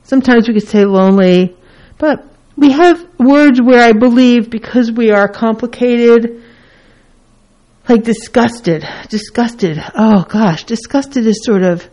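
A woman's voice: fairly high pitch, a little mellow. A woman therapist in a casual teaching talk, who acts out the feelings she names with her voice. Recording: dull lo-fi recording.

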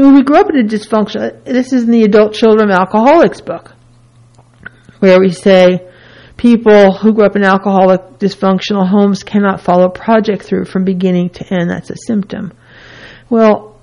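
A woman's voice: medium pitch, fairly even intonation, normal speed, mellow. A woman therapist in a casual teaching talk, who acts out the feelings she names with her voice. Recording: dull lo-fi recording.

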